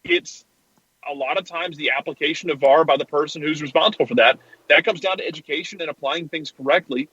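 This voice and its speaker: A man's voice: on the high side, quick pace, bright, forceful tone, husky, no echo, dull audio. A man co-hosting a casual soccer podcast, wry and sarcastic. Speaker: podcast co-host. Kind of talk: casual sports talk.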